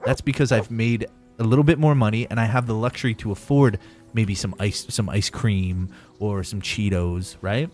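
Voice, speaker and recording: Low-voiced joking game streamer man. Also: normal speed, darkish tone, faint music behind. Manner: joking, rambling, profane banter with chat. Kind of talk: casual gaming livestream chat.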